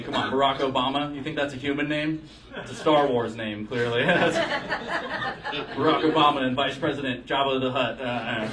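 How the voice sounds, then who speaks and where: A man's voice: medium pitch, distant mic, noisy background. A young man doing a rambling, crude stand-up comedy set in a bar, often laughing at his own jokes. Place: bar stage with a live audience.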